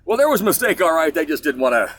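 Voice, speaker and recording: A man's voice: fairly high pitch, lively intonation, quick pace, a bit bright. A middle-aged man from Kansas hosting his own show, rambling through a story in a digressive, self-mocking way. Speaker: show host. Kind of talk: casual rambling monologue.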